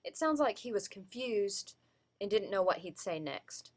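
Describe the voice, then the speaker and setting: A woman's voice: medium pitch, lively intonation, unhurried. A woman giving a class presentation on vocal delivery, explaining and demonstrating word emphasis. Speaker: student presenter.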